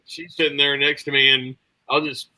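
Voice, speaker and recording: A man's voice: mid-range voice, little pitch movement, moderate pace, pushed and bright, low-quality recording. A man co-hosting a podcast, telling stories in casual chat and swearing freely. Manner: profane, storytelling. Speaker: podcast co-host.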